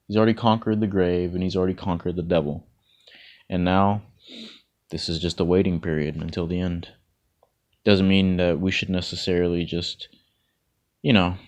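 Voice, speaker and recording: A man talking in a casual, rambling monologue of encouragement, repeating words and chuckling often. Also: low voice. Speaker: vlogger.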